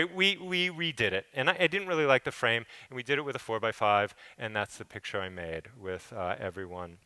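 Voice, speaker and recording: A man's voice: mid-range voice, sharp tone, clear, resonant tone, no echo. A middle-aged man, a photographer, telling loose, casual stories in an artist talk on a stage, swearing and acting out quotes. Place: theater stage.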